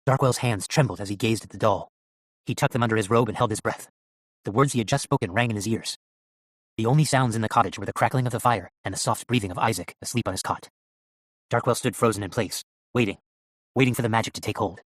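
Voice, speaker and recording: A man narrating an audiobook in an animated storytelling manner. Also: fairly low pitch, quick pace, no room sound.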